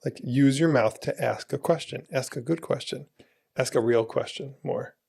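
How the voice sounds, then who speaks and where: A male podcast guest with a gravelly, creaky voice at a middle pitch, talking in a studio. He chats eagerly and is quick to agree with the others. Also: a little mellow. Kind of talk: casual discussion.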